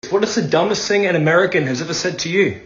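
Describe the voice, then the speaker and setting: Fast, high-voiced man asking. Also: a bit bright, slight background noise. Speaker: interviewer. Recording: roomy, dull lo-fi sound.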